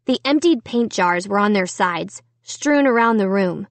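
A woman narrating a children's book in an unhurried, expressive first-person telling. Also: mid-range voice, no echo. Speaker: audiobook narrator. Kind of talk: storybook narration.

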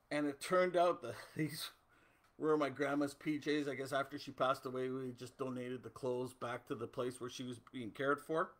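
A man's voice: on the high side, fairly bright tone. A middle-aged man from Canada hosting a casual livestream, chatting loosely and answering viewer comments. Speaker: host.

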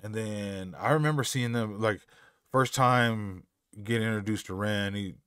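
Deep-voiced American guy reacting. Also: a little slow, a bit bright, smooth, no echo, clean studio sound. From United States. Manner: loose and slangy, swears freely, bursts of amazed exclamation. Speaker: reaction video host. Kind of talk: casual music reaction commentary.

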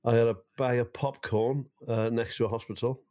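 A man's voice: medium pitch, flat delivery, normal speed, mellow. A man co-hosting a podcast, a bit drunk, joking and swearing. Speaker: podcast co-host. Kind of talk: casual banter.

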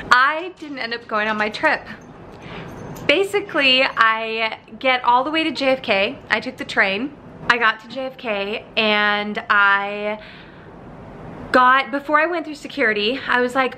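A young woman telling a story to her phone camera at home in a chatty, animated vlog style. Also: fairly high pitch, normal speed, slight background noise. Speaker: vlogger. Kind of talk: casual vlog chat. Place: home apartment.

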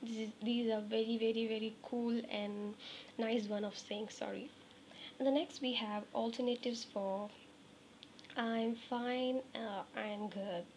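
Female English teacher, fairly high voice, patient repetition, faint hiss behind. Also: fairly even intonation, darkish tone. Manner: repeats example phrases slowly, coaxing check-ins. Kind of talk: spoken English lesson.

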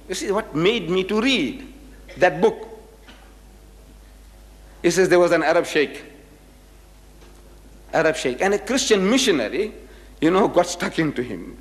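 A man with a fairly high voice gives a public lecture at a moderate pace, leaving long pauses. He tells anecdotes as an animated storyteller, performing the quoted dialogue with gusto. The hall's reverb makes the recording echoey.

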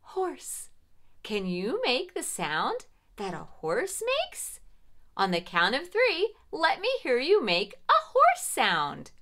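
A woman teaching preschoolers their letters in a slow, exaggerated, sing-song children's lesson voice. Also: a little high, huge pitch swings, pushed and bright.

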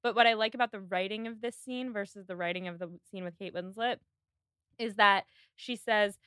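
A woman with a bright, clear tone chats casually on a podcast, walking through a film scene by scene. She keeps it lively and slips into the characters' lines as she retells them. Her voice sits close and dry, with no room sound. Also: medium pitch, a little fast, dry recording. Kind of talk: casual chat recapping a film.

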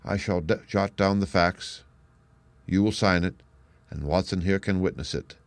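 A man reading the part of a calm, keen male detective in a measured, assured way. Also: low voice, no room sound. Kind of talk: audiobook reading.

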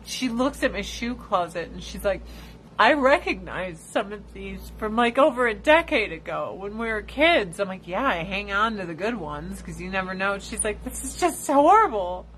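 A woman chats casually on a livestream in a middle-pitched voice, blunt and foul-mouthed as she tells stories. When she quotes other people, she jumps into a high squeal. A faint hiss of noise sits behind her. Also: lively intonation, moderate pace, a bit bright, poor audio. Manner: profane, blunt storytelling. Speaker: livestream host.

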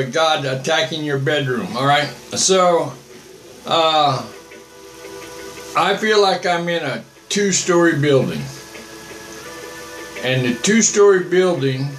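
A man's voice: a little high, a bit bright, roomy sound, low-quality recording. A man in his seventies, a missionary preaching on a live stream and answering viewer comments in a rambling, earnest, repetitive way. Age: 70s.

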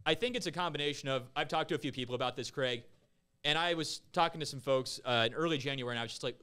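Guy talking hoops analysis real fast, smooth clear voice, jokey. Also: medium pitch, sharp tone. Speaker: basketball analyst. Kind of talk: sports podcast chat.

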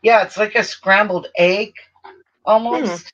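A woman's voice: medium pitch, steady tone, slow, fairly bright tone. Chatty woman, dull lo-fi sound. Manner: chatty, rambling, trails off with restarts. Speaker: quilting channel host. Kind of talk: casual live-stream chat. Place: indoors at home. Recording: dull lo-fi audio, faint noise.

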